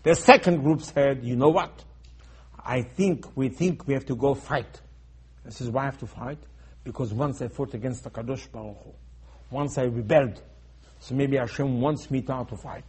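A man preaching a sermon, swinging between loud emphatic bursts and low, quiet asides. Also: moderate pace, husky.

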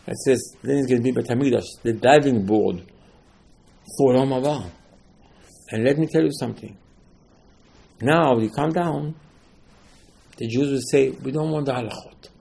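Gravelly emphatic male rabbi. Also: mid-range voice, moderate pace, pauses often, warm tone. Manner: emphatic, rhetorical questions, acts out dialogue. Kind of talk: Torah lecture.

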